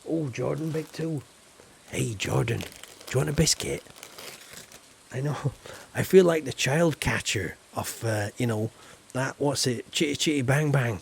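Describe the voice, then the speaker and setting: A gravelly-voiced man from Yorkshire who speaks with a southern English accent. He streams a farming game and chats easily and jokingly with his viewers, at an everyday middle pitch. A faint hiss sits under his voice. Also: a little slow. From Yorkshire, England. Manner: chatty, playful, talks straight to chat viewers. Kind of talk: casual live-stream chat while gaming.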